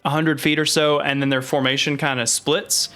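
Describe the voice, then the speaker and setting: A man's voice: fairly high pitch, little pitch movement, normal speed, fairly bright tone, faint music behind. A man narrating a tabletop game as game master, hesitant and full of fillers.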